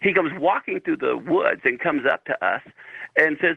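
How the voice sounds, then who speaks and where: Gravelly bright guy on talk radio telling a story, lots of uh's, dry muffled sound. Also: a little high, animated, normal speed, no echo. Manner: folksy storyteller, many "uh" fillers. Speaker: radio show guest. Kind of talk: storytelling on a call-in radio show. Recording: dull lo-fi radio audio.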